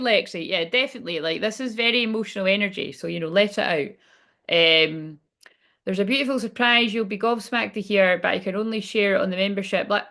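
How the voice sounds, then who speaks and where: A woman leads a relaxed live card reading. She sounds cheerful and talkative, and she speaks directly to the people watching. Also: medium pitch, normal speed, creaky. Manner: chipper and chatty, talking straight to viewers. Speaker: spiritual card reader.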